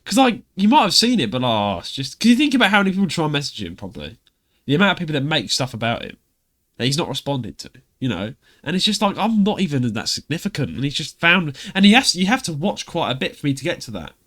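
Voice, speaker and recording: A young British podcast host, speaking with a British English accent, rambles through stories in a casual chat, laughing often and putting on voices to quote others. His voice is fairly high and bright, with big pitch swings and a quick pace.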